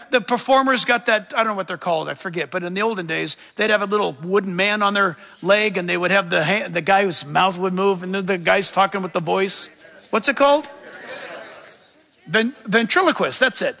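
High, bright-voiced preacher man in an echoing hall. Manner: animated, emphatic preaching with humorous asides. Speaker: pastor. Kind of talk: sermon.

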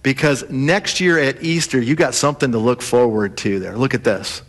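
A man preaching a sermon, telling the story in a lively way and acting out the voices of the people in it. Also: medium pitch, normal speed. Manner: animated storytelling, acts out voices of the disciples. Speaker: pastor.

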